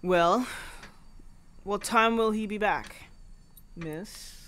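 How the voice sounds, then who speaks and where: A woman voicing a courteous male publisher's caller on the phone, formal and pressing, in a slow reading. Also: medium pitch, fairly bright tone. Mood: urgent, polite.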